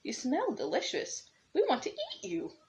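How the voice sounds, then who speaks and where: A woman doing a shrill little old woman. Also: huge pitch swings, normal speed, full character voice. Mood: pleading. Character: little old woman chasing her baked treat. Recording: dull lo-fi recording.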